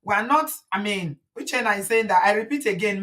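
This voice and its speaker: A woman's voice: medium pitch, quick pace, few pauses, fairly bright tone. A woman in her forties with a Nigerian accent, giving outspoken, emphatic commentary as host of her own channel and slipping into Pidgin. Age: 40s. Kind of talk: opinionated commentary.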